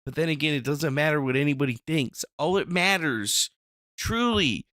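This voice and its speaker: A man hosting a live stream, chatting casually and rambling, with profane loud outbursts and mumbled asides to the chat. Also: on the high side, animated, normal speed, no echo, studio quality. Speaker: livestream host.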